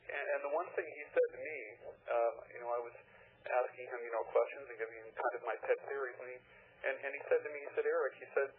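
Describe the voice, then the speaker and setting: A man's voice: medium pitch, steady tone, quick pace, breathy edge. A man phoning in to a radio show, talking hesitantly and rambling with many fillers. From Canada. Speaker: caller. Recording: tinny telephone line on radio.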